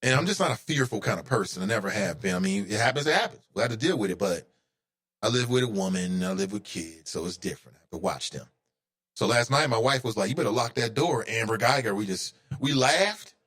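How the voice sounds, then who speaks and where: A man's voice: on the low side, big pitch swings, a little fast, a bit bright. A man hosting his own talk show, giving heated, opinionated commentary that climbs into indignant outbursts.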